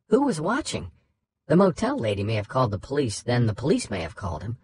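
A man's voice: medium pitch, huge pitch swings, fast talker, slight background noise. A man narrating a nonfiction true-crime audiobook, reading first-person interview recollections in a conversational way.

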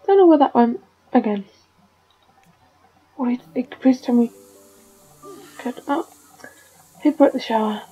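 A woman's voice: a little high, animated, unhurried, long pauses, dark tone, slightly rough, dull audio, soft background music. A woman giving casual commentary while she plays a life-simulation game, scolding and coaxing her characters like a fussing parent. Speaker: gaming video creator.

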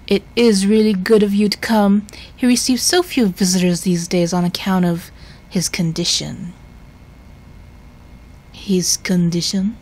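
A woman's voice: medium pitch, fairly even intonation, a little slow, a little mellow, close to an everyday voice. A woman doing a drawling old Southern housekeeper. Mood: fussing. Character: elderly woman housekeeper, fussy and kindly. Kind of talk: reading game dialogue aloud.

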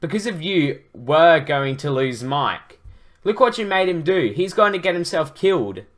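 A man's voice: on the high side, big pitch swings, normal speed, pitched above the performer's own voice. Brief: man reading an angry young companion, scolding.

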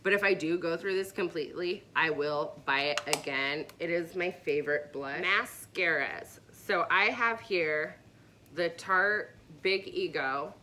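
A woman's voice: fairly low pitch, a little slow, sharp tone, a little hiss or hum. A woman vlogger chatting casually and enthusiastically about her favorite products, with rambling asides. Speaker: beauty vlogger.

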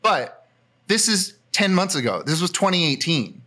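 Podcast host comedian: a bright, slightly high man with critical, casual talk. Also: very animated, moderate pace. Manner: critical, filler-heavy commentary.

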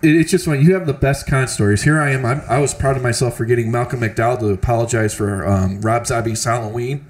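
A male podcast host in casual conversation with a guest. He sounds easygoing and encouraging, talks at a medium pitch, and is quick to laugh. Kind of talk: casual interview chat.

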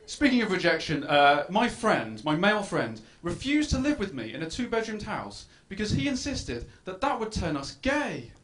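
High-voiced self-mocking male comic. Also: huge pitch swings, moderate pace, hardly any pauses, a bit bright. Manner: self-deprecating, chatting with the crowd. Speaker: stand-up comedian. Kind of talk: stand-up routine.

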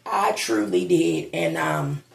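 A woman's voice: deep voice, wildly swooping pitch, slow, vocal fry. A woman vlogging at home, grieving and holding back tears, talking bluntly and swearing now and then. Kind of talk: casual vlog monologue. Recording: echoey room.

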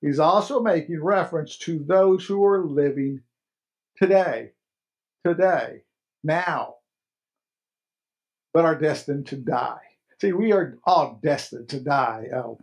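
A man preaching a sermon as pastor of a chapel, emphatic, repeating key phrases and stressing words slowly. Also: a little high.

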